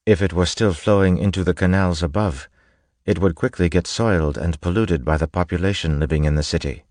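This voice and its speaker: A man voicing a calm, scholarly man who speaks in a measured, formal way. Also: deep voice, no room sound, clean studio sound, lightly acted.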